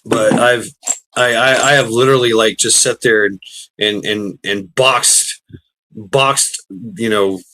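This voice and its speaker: A man's voice: on the low side, fairly even intonation, takes it slowly, sharp tone. A man chatting casually while gaming, rambling with many restarts and fillers, swearing freely.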